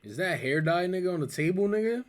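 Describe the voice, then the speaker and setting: Young new york dude reacting to a clip, kinda high voice, blunt and slangy, noisy mic hiss. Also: male voice, expressive, quick pace. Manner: blunt, slangy, cuts in often. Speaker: streamer reacting to a video. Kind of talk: casual reaction commentary.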